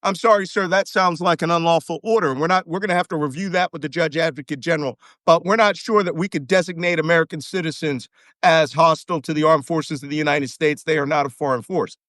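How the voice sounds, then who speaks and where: A man voicing a calm, measured senior military officer who formally declines an order, in a lower, quicker voice than his own. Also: no room sound, clean studio sound, close to an everyday voice. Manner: formal, careful refusal.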